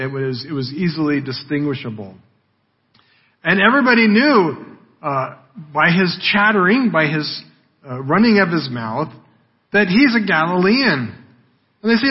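A man's voice: fairly high pitch, expressive, normal speed, breathy edge. A man preaching a sermon in a conversational way, often checking in with "right?", heard on a dull, lo-fi recording. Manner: conversational, with frequent "right?" tags. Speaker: pastor.

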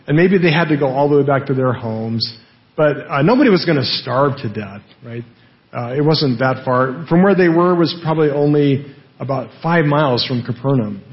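A man's voice: fairly high pitch, muffled recording. A man preaching a sermon in a conversational way, often asking rhetorical questions and tagging lines with "right?". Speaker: pastor.

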